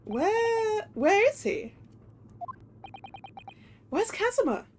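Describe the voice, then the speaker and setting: A woman's voice: high-pitched, animated, slow pace, noisy background, full character voice. Woman voicing a flustered young male lawyer. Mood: bewildered. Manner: confused, hesitant.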